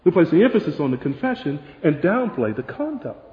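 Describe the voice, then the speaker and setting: A man preaching a sermon emphatically, building to forceful peaks and dropping to soft asides. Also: a little high, very animated, a little fast. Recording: dull, roomy hall sound.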